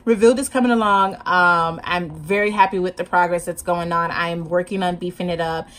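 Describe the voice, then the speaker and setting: Hyper sleepy woman vlogging about her writing, lowish voice, laughs a lot, talks with her hands. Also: fairly even intonation, a little fast, hardly any pauses, fairly bright tone. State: sleep-deprived. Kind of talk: casual chat to camera.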